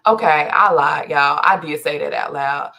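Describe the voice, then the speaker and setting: A woman's voice: sits low, moderate pace, creaky, pushed and bright. A woman hosting a casual solo podcast, telling a family story and acting out both sides of the conversation. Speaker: podcast host.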